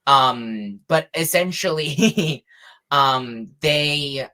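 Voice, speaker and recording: A man's voice: medium pitch, extremely slow. Young man, podcast co-host, casual chat, rambling, lots of fillers. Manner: rambling, animated retelling with many fillers and restarts.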